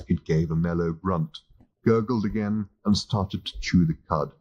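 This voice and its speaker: Man, audiobook narration, measured and dry, husky voice, dull lo-fi tape. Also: sits low, steady tone, darkish tone. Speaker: audiobook reader. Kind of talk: scripted narration.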